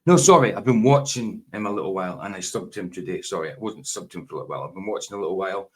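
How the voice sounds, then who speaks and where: Man, forties, reaction video host, rambling, chatty, lower-pitched voice. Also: lively intonation, very fast. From Scotland. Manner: rambling, self-correcting, chatty. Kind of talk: casual late-night reaction video.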